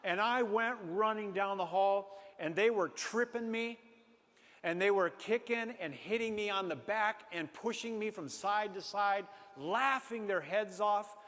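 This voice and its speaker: A man from Minnesota telling a personal story to an audience with animated, self-mocking humor. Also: sits high, measured pace. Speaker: speaker. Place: large hall before an audience. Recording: reverberant hall.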